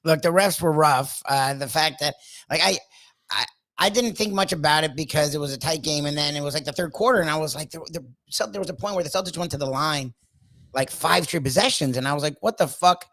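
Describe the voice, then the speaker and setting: A man's voice: on the high side, a little fast, a bit bright, dry recording. A man co-hosting a sports talk show, ranting emphatically and swearing often. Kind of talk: casual sports talk with a co-host.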